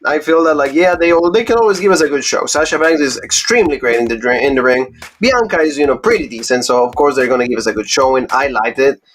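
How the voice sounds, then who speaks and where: A man's voice: medium pitch, lively intonation, fast talker, hardly any pauses, a little hiss or hum. A man in casual podcast chat, reviewing wrestling with lots of "like" and "you know" fillers.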